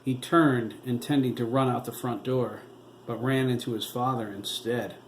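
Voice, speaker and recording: A man, the author, reading his novel aloud as steady audiobook narration. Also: mid-range voice, normal speed. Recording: roomy echo, faint noise.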